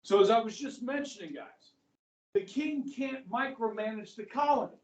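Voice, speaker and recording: A man's voice: very high voice, normal speed, far from the mic. Chatty male history teacher in echoey classroom. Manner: chatty, checks in often with students. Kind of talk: classroom lecture.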